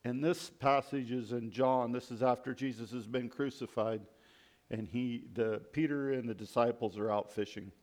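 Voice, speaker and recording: A man's voice: medium pitch, steady tone, moderate pace, a little mellow. Guy preaching a sermon, reads scripture out, pretty reflective, lifts his voice on the verses.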